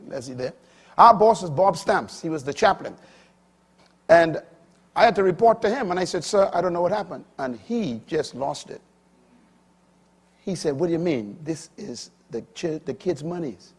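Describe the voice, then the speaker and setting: Husky-voiced older man preaching emphatically. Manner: emphatic, swinging from loud high bursts to low quiet asides. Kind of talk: sermon.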